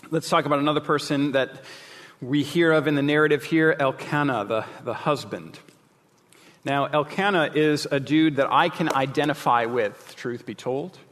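Candid preacher in a reverberant hall. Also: male voice, mid-range voice, fairly bright tone. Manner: candid, jokey, emphatic. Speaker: pastor. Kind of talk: sermon.

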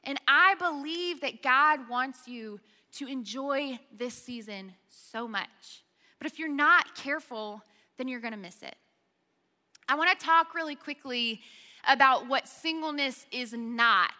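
Young woman, sermon, chatty storytelling, very bright tone, long hall reverb. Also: high-pitched, a little slow. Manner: chatty storytelling, frequent "okay?" and "like". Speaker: speaker at a college ministry gathering.

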